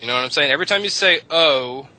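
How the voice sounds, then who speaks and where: A man's voice: a little high, expressive, quick pace, pushed and bright, poor audio. A man chatting on a radio show, explaining how English vowels changed, rambling and cursing casually. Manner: rambling, lecturing, swears casually. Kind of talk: casual radio chat about language history.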